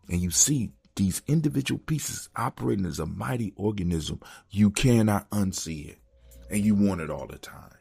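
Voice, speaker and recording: A man's voice: fairly low pitch, gravelly, husky. A man hosting a motivational talk, preacher-like, repeating mantras and dropping into whispers. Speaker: host.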